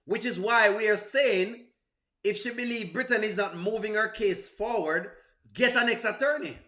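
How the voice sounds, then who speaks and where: A man's voice: high-pitched, moderate pace, sharp tone, reverberant. A man with a Jamaican accent chatting casually on a livestream, answering viewers, laughing often and exclaiming to himself. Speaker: livestream host.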